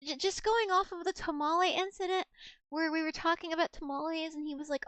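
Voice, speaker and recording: Very high-voiced woman streamer, dry sound. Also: fairly even intonation, brisk, fairly bright tone, dry recording. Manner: coos affectionately at her cat, rambling with restarts. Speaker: VTuber streamer. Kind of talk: casual live-stream chat. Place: home.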